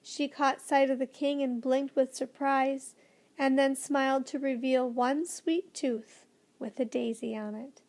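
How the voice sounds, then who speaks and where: A woman's voice: high voice, fairly even intonation, measured pace, darkish tone. Woman reading a storybook aloud. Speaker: audiobook narrator. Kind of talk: scripted storybook narration.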